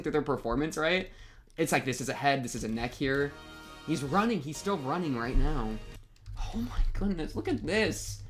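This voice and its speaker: A young man hosting an anime reaction, talking in casual, gushing commentary and throwing in "bro" constantly. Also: a little high. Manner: excitable, gushing, peppers speech with "bro".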